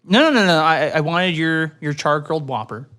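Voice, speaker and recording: Man doing a pushy stammering burger customer, bright voice, lively pitch. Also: normal speed. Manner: hesitant, stammering, stubborn. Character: pushy confused male fast-food customer.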